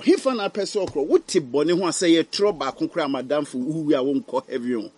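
A man preaching a fiery sermon, swinging from hushed warnings to loud cries. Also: fairly high pitch, lively intonation, fast talker, slightly rough.

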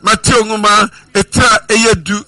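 A man preaching a sermon in measured phrases, citing scripture and repeating refrains. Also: high voice, fairly even intonation, pushed and bright, no echo, low-quality recording.

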